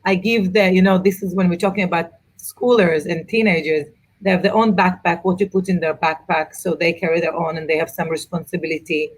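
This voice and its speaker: A middle-aged woman, an author and mother of four, chatting in an interview and telling travel stories with animated asides. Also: lowish voice, husky. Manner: animated storyteller, quick asides. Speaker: author and guest. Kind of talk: casual interview chat.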